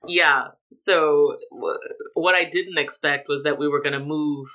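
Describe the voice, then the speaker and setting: A middle-aged woman from Jamaica, a guest telling her story in a relaxed interview, with emphatic lifts on key words. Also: sits low, measured pace. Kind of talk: casual conversational interview.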